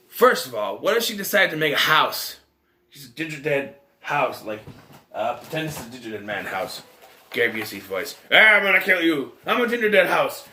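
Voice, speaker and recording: A man's voice: mid-range voice, bright, forceful tone, slight background noise. A young man casually reviewing a movie, rambling and incredulous, firing off rhetorical questions and restarting sentences.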